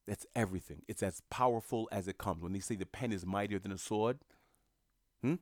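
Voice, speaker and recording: A man's voice: fairly low pitch, a little fast, a little mellow, no room sound, clean studio sound. A man delivering a motivational monologue, emphatic and repetitive, in a coaching tone. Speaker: motivational speaker.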